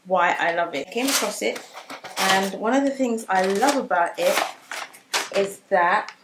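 A woman's voice: mid-range voice, expressive, a little slow, heavy background noise. A young woman chatting casually in a bubbly, filler-filled way as she shows off a shopping haul for her vlog. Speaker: vlogger. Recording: echoey room.

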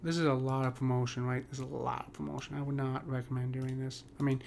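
A man's voice: medium pitch, flat delivery, fast, creaky, a little mellow, a little hiss or hum. A man casually explaining poetry meter in a rambling way, often checking with "right?". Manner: rambling, repeats "right?" often, many restarts. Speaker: poetry teacher.

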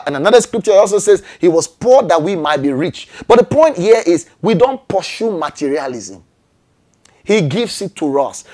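A male pastor preaching a sermon emphatically, asking rhetorical questions and jumping high in pitch on exclamations.

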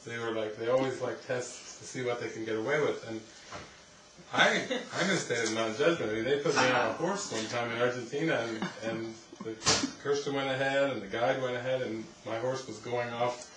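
A man, a spiritual teacher, telling a rambling, animated story in casual talk at a retreat, often laughing. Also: medium pitch, brisk. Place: retreat hall. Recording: roomy, distant, noisy ambience.

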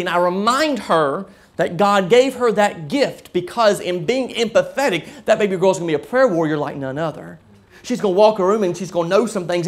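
A man in his thirties preaching a sermon as pastor, earnest, often dropping to a soft near-whisper. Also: high-pitched.

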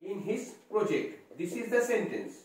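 A man's voice: sits high, very animated, a little mellow. Man teaching in a very echoey room. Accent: Indian English. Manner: explains slowly, spells words out letter by letter. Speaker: English teacher. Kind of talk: exam-prep lesson. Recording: very echoey room, voice far from mic.

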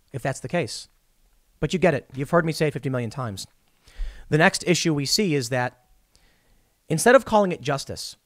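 A man's voice: on the high side, fairly bright tone, dry recording, clean studio sound. A man in his thirties hosting solo political commentary, talking emphatically and rambling with frequent restarts.

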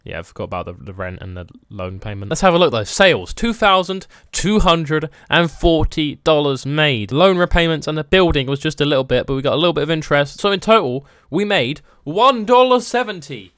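A man's voice: a little high, lively intonation, brisk, hardly any pauses, fairly bright tone, clean tone, no room sound, clean studio sound. A man doing comedic let's-play commentary, sarcastic and playfully rude, bursting into mock outrage. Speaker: gaming YouTuber.

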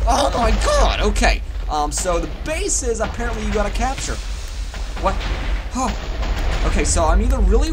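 Excitable man narrating a game. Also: fairly high pitch, slight background noise. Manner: rambling, self-mocking, excitable. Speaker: gaming channel host. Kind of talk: casual let's-play commentary. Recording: loud game music under voice. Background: loud game music and explosions.

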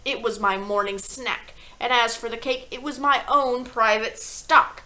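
A woman voicing a tyrannical, bullying headmistress who barks slow, scornful insults. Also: a little high, pushed and bright, poor audio. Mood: furious. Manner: barking, scornful, drawn-out insults.

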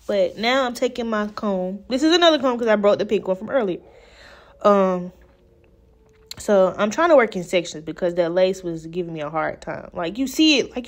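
Young woman, beauty vlogger, chatty, exasperated, slightly low voice. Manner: exasperated, chatty, addresses viewers as girl and y'all. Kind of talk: casual talk-through hair tutorial. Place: home room at a mirror.

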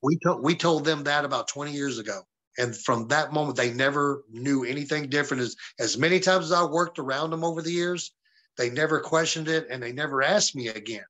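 A man's voice: on the high side, brisk, a bit bright. A man from the American South, a wrestling guest on an interview show, telling stories casually and profanely and acting out the people he quotes.

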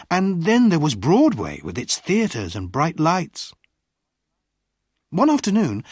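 A reader slowly and clearly narrating a graded-reader story. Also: medium pitch, darkish tone, dry recording, studio quality. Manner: slow, clearly paced storytelling. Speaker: audiobook reader.

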